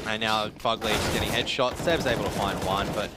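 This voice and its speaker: A man doing play-by-play esports commentary, excitable and teasing, his voice leaping up on big plays. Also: fairly low pitch, brisk, hardly any pauses, noisy background.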